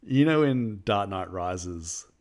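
Lively man chatting about films. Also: on the low side, slow. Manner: animated, acts out movie quotes with laughs. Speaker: podcast co-host. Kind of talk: casual chat about films.

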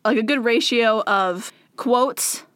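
A woman's voice: a little high, takes it slowly, fairly bright tone, clear, resonant tone, no echo, studio quality. A woman co-hosting a casual history podcast, bantering and laughing easily. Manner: giggly, laid-back banter. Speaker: podcast co-host. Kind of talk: casual chat.

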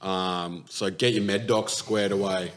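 An Australian man hosting a podcast, wrapping up the episode in a relaxed way with many fillers. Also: low-pitched, measured pace. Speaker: podcast host. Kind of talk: casual podcast wrap-up.

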